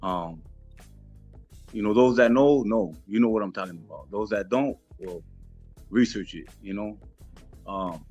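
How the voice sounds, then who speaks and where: A man's voice: fairly low pitch, a little mellow. A man as a podcast guest, telling a story casually in street slang, laid-back and acting out what others said. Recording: muffled with faint music.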